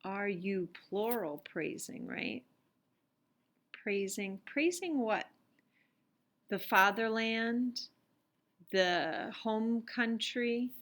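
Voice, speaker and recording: A woman's voice: fairly high pitch, lively intonation, very slow, pauses often, fairly bright tone. A woman teaching Latin, patiently walking through worksheet examples and sounding out each phrase. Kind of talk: explaining worksheet exercises.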